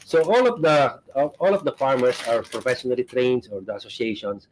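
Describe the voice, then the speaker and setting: Halting guest explaining products. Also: male voice, mid-range voice, sing-song, slight background noise, rough recording. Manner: halting, many fillers.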